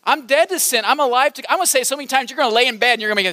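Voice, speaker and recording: A male preacher with a strikingly high, bright voice delivers an animated sermon, repeating phrases and leading the room in call-and-response. The sound is close and dry. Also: racing, no echo. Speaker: campus ministry preacher. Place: large hall with balcony.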